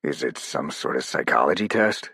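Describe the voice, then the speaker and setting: Man voicing offhand good-humored operative, audiobook, deep gravelly voice. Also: lively intonation, moderate pace, sharp tone, no room sound, clean studio sound, exaggerated voice. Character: tall, battered male operative, good-humored.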